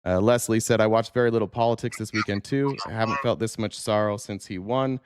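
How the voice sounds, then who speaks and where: On his political livestream, a man with a lowish, clear, resonant voice talks fairly quickly with fairly even intonation. The sound is dry and close-miked with no room sound. Reacting to clips and chat, he rants heatedly and profanely, stumbling through restarts in casual commentary.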